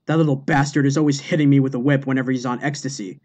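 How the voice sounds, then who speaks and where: A man's voice: medium pitch, steady tone, very fast, a little mellow, highs cut off, soft background music, natural voice. A man voicing a grumpy male grizzly bear in a joke, in a plain, matter-of-fact delivery.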